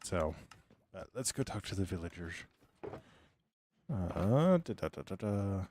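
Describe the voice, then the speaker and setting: A hoarse man streaming a game, rambling casually to himself and his chat and now and then dropping into a whisper. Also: low voice, expressive, a little slow, mellow, slight background noise. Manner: drifts into whispering. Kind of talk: casual live gameplay commentary.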